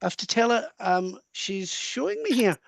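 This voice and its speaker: A man's voice: high voice, sing-song, creaky, no room sound. Scottish male medium, video call, dry close sound, earnest delivery. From Scotland. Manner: warm, earnest, relays messages with quick asides and laughs. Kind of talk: live mediumship reading.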